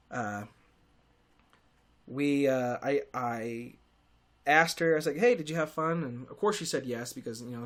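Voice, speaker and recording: A young man rambles through a comic podcast monologue in an ordinary mid-range voice. He keeps doubling back on himself with false starts, dry sarcasm and jokes at his own expense. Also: mid-range voice. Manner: self-deprecating, sarcastic, digressive with many restarts. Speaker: podcast host.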